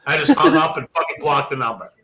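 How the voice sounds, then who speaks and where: A young adult man, a podcast co-host, telling a profane, animated story and acting out the quoted lines in casual chat. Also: a little high, fast talker, a loud crowd, poor audio.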